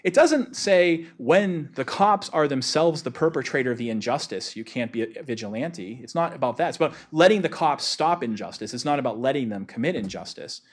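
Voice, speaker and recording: A man's voice: mid-range voice, animated, fairly quick, few pauses. A man giving a lecture in a casual way, with many filler words.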